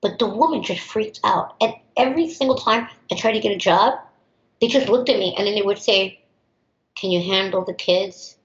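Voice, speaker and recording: A woman's voice: medium pitch, brisk. Outspoken woman in a roomy, dull recording. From United States. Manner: outspoken and emphatic, acts out others' voices. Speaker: teacher. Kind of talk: interview answers, personal storytelling.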